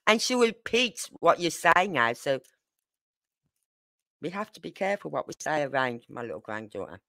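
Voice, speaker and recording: A woman's voice: rumbling low, expressive, normal speed, vocal fry, a bit bright, no room sound, clean studio sound. An older woman from Birmingham with a Brummie accent, hosting a livestream in a rambling, chatty way with exasperated asides. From Birmingham, England. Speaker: true crime livestream host. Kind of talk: casual chat.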